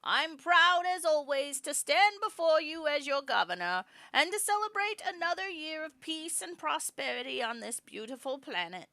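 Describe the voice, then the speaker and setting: A thin, weedy old woman's voice, put on by a woman streamer delivers a slow, stately address. It sits well above the performer's own pitch, bright and lively in its rise and fall. The sound is close and dry. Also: no echo, heavily acted. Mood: ceremonious. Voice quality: weedy, weakening voice. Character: frail elderly woman governor, formal.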